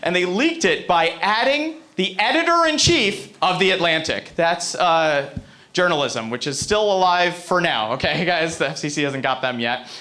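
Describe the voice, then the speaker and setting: A man's voice: on the high side, expressive, moderate pace, pushed and bright. An American man performing a stand-up comedy set on a club stage, brash and profane, with rambling asides to the crowd.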